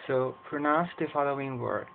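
A man's voice: mid-range voice, vocal fry. A man from Canada with a Canadian accent, reading words one by one for an accent challenge as an English teacher. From Edmonton, Canada. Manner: slow, careful word-by-word reading. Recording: tinny, phone-like home recording with faint hiss.

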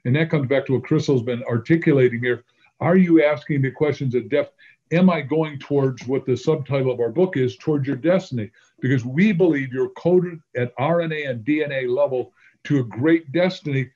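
An older man talks as a guest author in an interview and makes his points in long, emphatic lists. His voice sits at an ordinary pitch, and the audio is dull and lo-fi. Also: fairly quick, darkish tone. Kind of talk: conversational interview.

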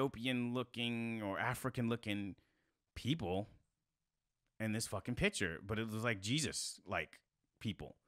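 Animated swearing storyteller man, 30s. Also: no room sound, studio quality. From South Carolina, US. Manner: animated, swears a lot, rising to high exclaims. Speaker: podcast guest. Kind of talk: casual storytelling.

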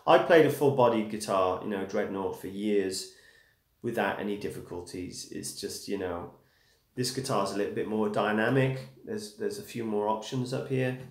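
Speaking at normal speed in a fairly low voice, this English man runs a guitar lesson live, keeping things relaxed and asking "okay?" as he goes. He addresses viewers as "dude" and "man" in an encouraging way, with guitar playing in an echoey space.

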